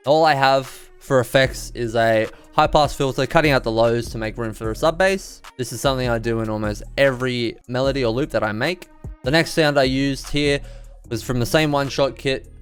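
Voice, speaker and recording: A man's voice: medium pitch, normal speed, clean tone. A young man, a music producer, casually walking through how he built a melody in a beat-making tutorial. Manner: relaxed, explanatory, casual phrasing.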